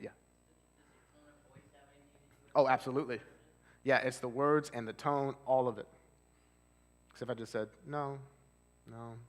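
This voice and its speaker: A male therapist giving a casual church seminar, talking conversationally and asking the audience questions. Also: mid-range voice. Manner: conversational, asks the audience questions, loose with fillers. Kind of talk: casual live presentation to an audience. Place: church hall with long reverb. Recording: reverberant church hall.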